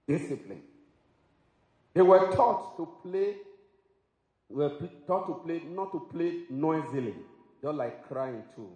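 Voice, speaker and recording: A man's voice: fairly high pitch, animated, unhurried, dark tone. A man preaching a sermon in an emphatic style, breaking into exclamations and laughter. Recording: echoey hall with long reverb.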